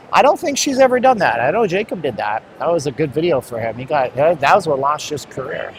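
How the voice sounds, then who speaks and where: A man's voice: on the high side, sing-song, fairly quick, few pauses. Blunt rambling man streaming outdoors. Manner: blunt, rambling, talks to chat. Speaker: live-stream host. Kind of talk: casual live-stream chat. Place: outdoors on a hot city street. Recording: street traffic noise.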